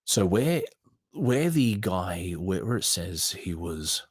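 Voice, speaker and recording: Deep-voiced man reading and commenting. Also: very animated, takes it slowly, husky, no room sound, studio quality. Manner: casual, rambling commentary with restarts. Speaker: podcast host. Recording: noticeable background noise.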